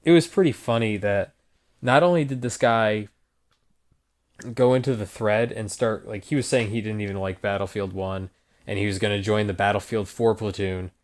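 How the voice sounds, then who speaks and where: A man's voice: fairly low pitch, normal speed. A man hosting a podcast, telling a long story in loose, profane, laughing casual chat. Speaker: podcast host.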